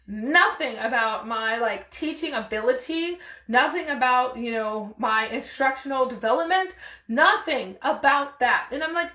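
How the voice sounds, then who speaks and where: A young woman hosts her podcast and tells a story in a lively, exasperated way, acting out what everyone said. Her voice sits high. The room around her is echoey. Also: a little slow. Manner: animated, exasperated storytelling with quoted dialogue. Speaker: podcast host. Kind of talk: casual storytelling.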